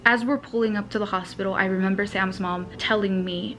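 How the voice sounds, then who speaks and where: A woman's voice: medium pitch, steady tone, fairly bright tone. Young woman telling a story, filler-heavy. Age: young adult. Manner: fast, emotional retelling with many fillers. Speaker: vlogger. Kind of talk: storytime vlog. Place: seated on the floor of her home.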